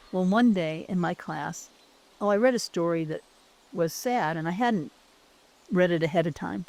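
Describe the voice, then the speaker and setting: A woman's voice: deep voice, mellow. A woman who used to teach, telling a personal story in an earnest, heartfelt way, often restarting her sentences. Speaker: former teacher.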